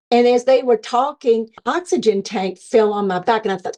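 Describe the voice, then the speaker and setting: Middle-aged woman, mellow tone, earnest testimony, acts out her own past thoughts. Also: fairly high pitch, a little fast, hardly any pauses. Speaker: near-death experience guest. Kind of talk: personal testimony.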